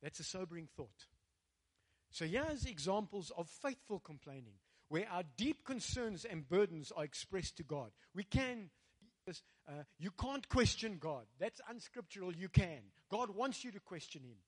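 A man with a high, breathy-edged voice preaches a little slowly, his pitch swinging widely. He's a pastor with a South African English accent, rallying the congregation and slipping in Afrikaans phrases.

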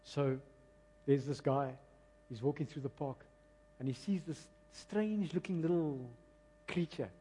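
Passionate preacher, husky. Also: male voice, fairly high pitch, measured pace, pauses often. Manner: passionate, emphatic, swings from loud to quiet. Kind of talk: sermon. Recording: long reverb of a large hall.

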